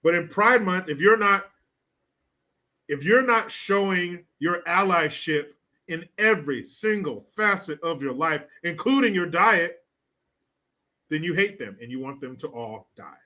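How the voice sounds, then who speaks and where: A man hosting a casual commentary stream, reading viewer comments aloud with crude, mocking asides. His voice sits high and bright, with a lively, swinging delivery. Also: a little slow. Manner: crude and mocking, laughs often. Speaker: host of a commentary livestream.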